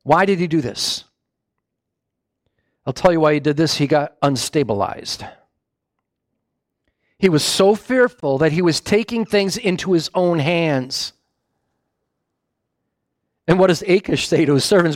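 A male preacher delivering a sermon as animated storytelling, often stopping to correct himself. His voice sits high and swings widely in pitch. The sound is dry and close. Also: unhurried, pauses often, no echo.

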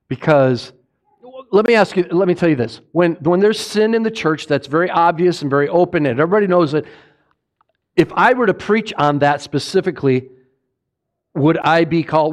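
Impassioned high-voiced preaching man. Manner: impassioned, rising and falling, asks the congregation questions. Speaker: pastor. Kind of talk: sermon.

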